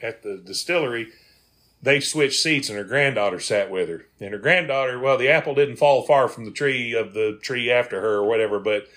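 Man, comedy tour guide on a podcast, bright forceful voice, folksy, laughs often. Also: medium pitch, fairly quick. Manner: folksy, laughing, acts out quoted people. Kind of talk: casual podcast storytelling.

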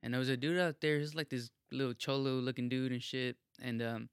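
A man's voice: medium pitch, a little fast, smooth, dry recording, studio quality. A young man telling a wild story in casual podcast chat, swearing a lot and stacking fillers. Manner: profane, animated storytelling with lots of fillers.

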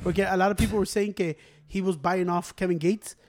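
Fast-talking man, casual. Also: high-pitched, fairly even intonation, no echo. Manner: switches between English and Spanish, slangy and profane. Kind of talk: casual chat.

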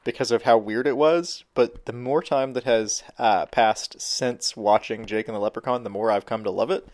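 A man's voice: mid-range voice, moderate pace. A man co-hosting a podcast, recapping an episode in casual chat with dry, detailed asides. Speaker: podcast co-host.

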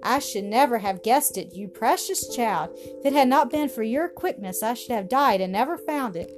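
A woman reading aloud, voicing a poor, gentle old spinster who exclaims with strong feeling. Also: a little high, lively intonation, normal speed, natural voice. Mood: grateful. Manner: emotional, exclaiming. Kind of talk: storybook reading. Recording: music playing behind.

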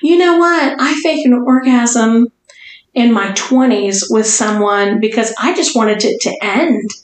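A woman's voice: fairly high pitch, a little slow. Giggly blunt woman, echoey room. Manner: giggly and blunt, laughs often. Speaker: podcast co-host. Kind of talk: casual podcast chat.

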